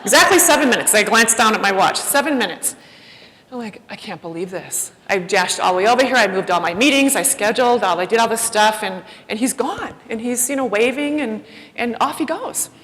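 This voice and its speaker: A woman delivers a personal story from a stage as a keynote speaker, with a voice a little higher than most. She tells it in an animated, self-deprecating way and acts out the voices of the people she quotes. A long reverb from a large hall trails her words. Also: brisk.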